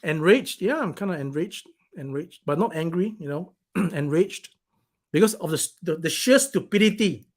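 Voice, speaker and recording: A man's voice: fairly high pitch, animated, normal speed. A man hosting his own live stream, reading out viewer comments in an irritated, blunt, rambling way and swearing now and then.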